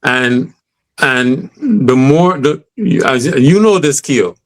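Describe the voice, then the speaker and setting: A man's voice: medium pitch, takes it slowly. A man in a casual podcast conversation, talking emphatically and often checking in with "you know what I mean?".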